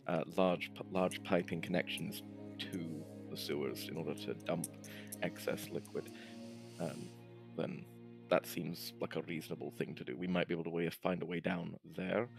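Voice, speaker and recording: A man playing a tabletop game, planning aloud in a deliberate way. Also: deep voice, level tone, creaky, music in the background. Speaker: player.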